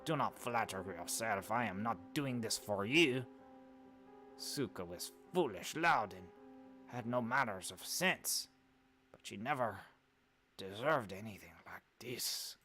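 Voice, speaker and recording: Casting: man putting on a scornful, fake-French-accented bird aristocrat, swinging pitch. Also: lively intonation, slow pace, sharp tone, faint music behind, heavily acted. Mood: solemn. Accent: put-on French. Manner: imperious, scornful. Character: haughty aristocratic male bird student council president.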